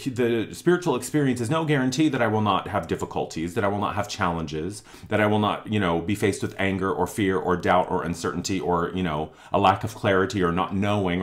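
A man's voice: sits low, quick pace, few pauses. A man giving a spiritual monthly forecast talk, earnest and emphatic, repeating phrases for effect. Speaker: spiritual teacher.

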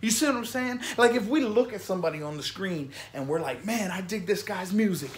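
High-voiced excitable man hyping music. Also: a little fast. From Florida. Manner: excitable, rambling, peppers talk with "man" and "you know what I mean". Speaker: music reaction vlog host. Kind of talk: casual enthusiastic commentary.

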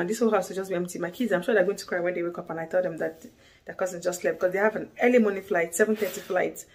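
A woman, chatting casually to the camera in a home vlog, emotional and soothing toward the children. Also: mid-range voice. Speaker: vlogger. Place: family home, indoors.

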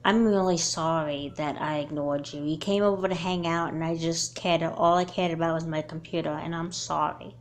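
A woman voicing a young girl doll character who is obsessed with her laptop, in a home-made doll movie, her voice shooting high and loud when she panics. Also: fairly even intonation, moderate pace, hardly any pauses. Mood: apologetic.

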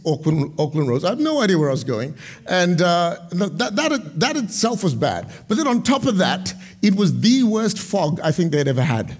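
A middle-aged male pastor preaching a sermon, moving between loud proclamations and quiet, chatty storytelling. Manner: dynamic preaching, swings from loud proclamations to low storytelling asides.

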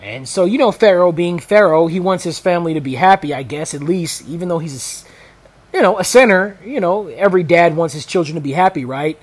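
Rambling man reading scripture, pitched high. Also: brisk, slightly rough. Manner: rambling, repeats words, many fillers. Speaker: Bible teacher on a video channel. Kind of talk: reading scripture with casual commentary.

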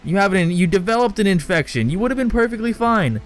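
A man's voice: high voice, lively intonation, fast, few pauses, faint music behind. A young man commenting on his own gameplay, swearing and scolding the characters in exasperation. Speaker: let's play gamer.

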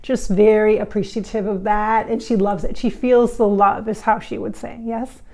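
A woman's voice: medium pitch, level tone, moderate pace, a little mellow. A woman hosting a spiritual vlog, talking in an effusive, giggly way with frequent laughs. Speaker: channeler and vlog host. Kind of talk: casual spiritual vlog talk.

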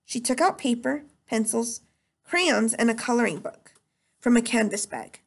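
A woman teacher reads a novel chapter aloud at a steady storytelling pace. Her voice sits somewhat high with a noticeable gravelly fry. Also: a little slow.

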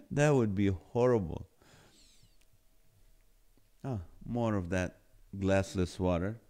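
A man's voice: fairly low pitch, animated, slow pace, warm tone. Playful, laughing male live-stream host. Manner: laughs often, jokey and playful. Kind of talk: casual live-stream chat reading viewer comments.

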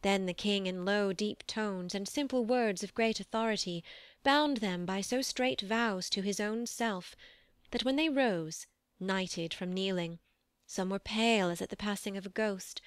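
A woman's voice: medium pitch, clear, resonant tone, no room sound, clean studio sound, natural voice. Woman reading an earnest proud queen. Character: proud queen, devoted to her brother's cause.

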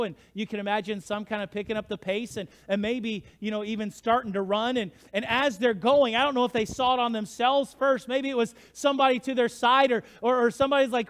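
A man preaching a sermon as pastor, telling the story with swings from hushed to shouting. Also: sits high, a little fast, clear, resonant tone. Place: church sanctuary. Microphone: livestream church mic.

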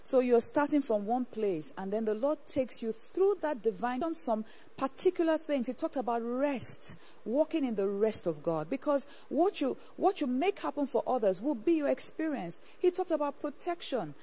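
A woman's voice: high-pitched, lively intonation, normal speed, hardly any pauses, dark tone. A woman hosts a church program and interviews ministry partners, affirming them and asking several questions in a row.

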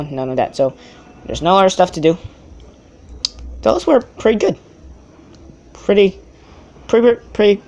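A young man giving casual, rambling commentary while playing a card game on a tablet, often correcting himself and getting excited over good pulls. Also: a little high. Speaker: mobile game player. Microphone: tablet's built-in mic.

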